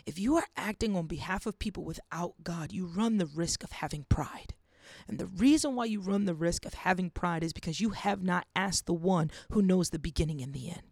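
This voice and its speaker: A woman hosting a faith podcast, preaching earnestly and dropping to a hush for emphasis. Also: on the low side, fairly quick, no room sound, clean studio sound. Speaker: podcast host. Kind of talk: faith-based podcast monologue.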